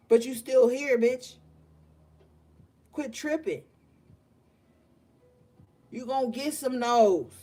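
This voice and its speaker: A woman in her young adult years gives a tarot reading in a slow, unhurried drawl. She talks bluntly, swears freely and laughs often as she hypes up her listeners. Her voice sits at a middle pitch. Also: warm tone. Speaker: tarot reader. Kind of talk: casual spoken tarot reading.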